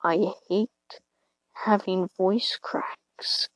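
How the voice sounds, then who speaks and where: A woman's voice: medium pitch, fairly even intonation, very slow, no echo, poor audio. A teenage girl rambling hesitantly into her phone from her bed late at night, self-deprecating, her voice cracking now and then. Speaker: podcaster. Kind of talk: casual rambling monologue.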